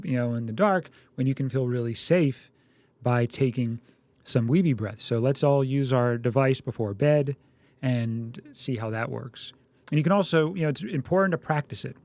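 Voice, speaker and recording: A middle-aged man co-hosting a parenting podcast, casually giving advice and acting out what a parent might say in lively quoted voices. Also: mid-range voice, no room sound. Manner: acts out parent dialogue in animated quoted voices. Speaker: podcast co-host, doctor.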